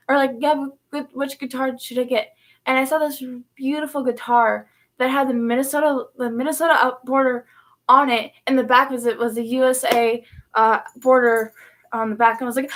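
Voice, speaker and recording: A woman's voice: high-pitched, steady tone, brisk. A woman vlogger telling a personal story in a rambling way, full of fillers and restarts. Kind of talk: casual storytelling vlog.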